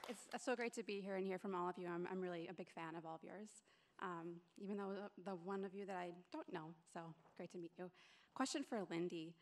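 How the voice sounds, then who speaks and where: A woman's voice: fairly low pitch, fast. A woman in the audience asking a question, eager and friendly, slightly nervous.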